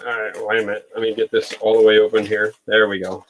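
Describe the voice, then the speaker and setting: A man's voice: lowish voice, flat delivery, fast talker, rough recording. A man hosting a casual live stream, groaning and exclaiming while eating a very hot chip. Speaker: host.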